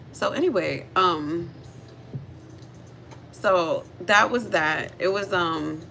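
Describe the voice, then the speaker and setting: A woman livestreaming, telling a story in a chatty, animated way. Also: on the low side, vocal fry, a little hiss or hum, poor audio. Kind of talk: casual storytelling chat.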